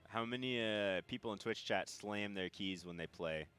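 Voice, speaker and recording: Deep-voiced male co-caster, laughs a lot, excitable. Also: normal speed, clean tone, faint music behind. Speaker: stream co-caster. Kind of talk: casual commentary banter.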